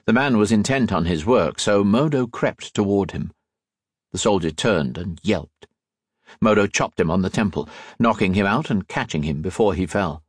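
A man narrating an audiobook in a steady, measured storytelling manner. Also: fairly low pitch, breathy edge, dry recording, studio quality. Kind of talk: scripted narration.

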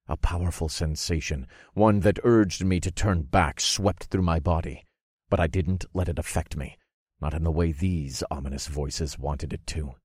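Deep-voiced man narrating a dark fantasy audiobook. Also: breathy edge, no echo, studio quality. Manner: measured, dramatic storytelling.

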